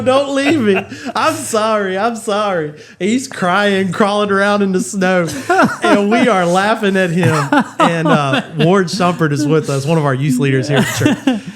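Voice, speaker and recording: Man, slightly higher voice, podcast co-host, chatty storyteller, laughs a lot. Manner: laughing through anecdotes, quick asides. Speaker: podcast co-host, youth leader. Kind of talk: casual storytelling chat.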